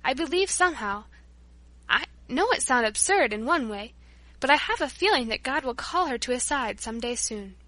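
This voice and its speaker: A woman's voice: high voice, animated, moderate pace, dry recording, low-quality recording. Woman doing a kindly, motherly woman. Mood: gentle. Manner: soft, hesitant, gentle.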